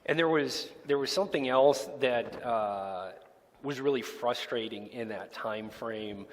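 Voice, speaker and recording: A man leading a church interview, gently prompting his guest with a few fillers. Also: mid-range voice, measured pace, in a large hall. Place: church sanctuary.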